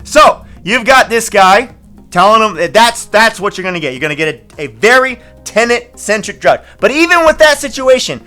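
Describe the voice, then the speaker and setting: A man with a high, bright voice tells stories in a rambling, chatty way full of fillers and restarts. Faint music plays behind him. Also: sing-song, moderate pace. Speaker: landlord and channel host. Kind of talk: casual storytelling vlog.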